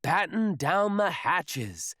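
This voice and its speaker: A man's voice: high-pitched, very animated, slow pace, bright, forceful tone, breathy edge, dry recording, clean studio sound, voice pushed up, exaggerated voice. A man voicing a cool, laid-back male cat who captains a ship in a storybook, speaking in an easygoing, upbeat way. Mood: cheerful.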